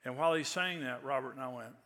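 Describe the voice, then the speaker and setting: A man's voice: mid-range voice, fast, pushed and bright, big-room sound. A man in his sixties preaching a sermon, telling stories in a conversational way that rises to emphatic peaks. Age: 60s. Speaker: pastor. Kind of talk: sermon with storytelling.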